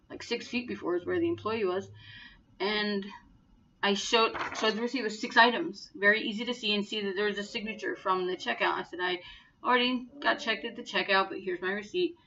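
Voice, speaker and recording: A woman's voice: mid-range voice, steady tone, fairly quick, pushed and bright, muffled recording, a little hiss or hum. A woman in her fifties earnestly and indignantly retelling something that happened to her, in a personal storytelling vlog. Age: 50s. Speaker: vlogger.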